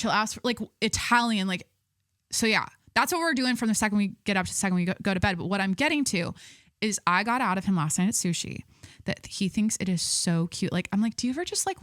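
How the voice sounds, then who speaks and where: A young adult woman hosts a podcast in casual, rambling chat, interrupting herself, restarting, and leaning heavily on fillers like "like." Her mid-range voice is a bit bright, recorded at studio quality with no room sound.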